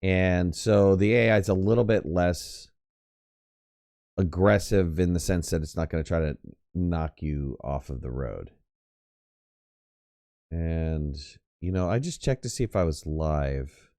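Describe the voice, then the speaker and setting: A man's voice: deep voice, measured pace, pauses often, darkish tone, no echo, studio quality. A man hosting a live gaming stream, chatting in a rambling, hesitant way with lots of fillers and restarts. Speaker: game streamer host. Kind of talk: casual live-stream chat while gaming.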